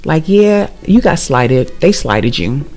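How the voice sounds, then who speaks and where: A middle-aged woman who works as a real estate agent, sharing a personal testimony in a casual vlog. She talks emphatically and repeats phrases for stress, moving between soft asides and excited bursts. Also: sits low, slow, soft background music.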